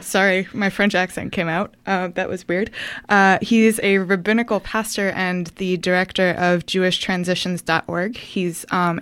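A woman guest on a radio show, calmly explaining a speaker's topic in a casual, self-deprecating way. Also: on the low side, clear, resonant tone, no room sound. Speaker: symposium organizer, guest. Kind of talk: radio interview.

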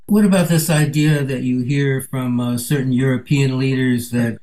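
A male radio interviewer asks probing questions in a relaxed, conversational manner. His voice has a plain mid-range pitch. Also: moderate pace.

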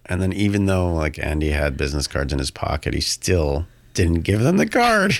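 A man's voice: low voice, sing-song, moderate pace, vocal fry, noisy background. A man speaking as a radio interview guest in a casual, wry, self-deprecating way. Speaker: radio guest, prankster activist.

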